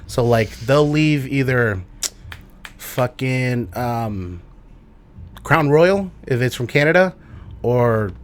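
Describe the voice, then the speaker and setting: This is a man of ordinary pitch, talking through a comedy podcast in loose banter. He rambles through his stories and lifts his voice when a punchline gets close. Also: takes it slowly, pauses often. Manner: rambling, joking, rising in pitch when excited. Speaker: comedian guest.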